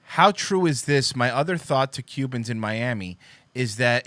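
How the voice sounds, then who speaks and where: Male talk host with a bright, forceful voice on a dry close mic; sarcastic and profane. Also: mid-range voice, animated, normal speed, no room sound. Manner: sarcastic and profane, reading posts aloud and mocking them. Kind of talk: political commentary show.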